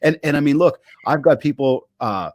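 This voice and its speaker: On a video call, a man from Canada chats casually as an interview guest, a keynote speaker who animatedly acts out quotes in his stories. He speaks at a normal speed in a voice on the high side. The audio is studio quality with no room sound.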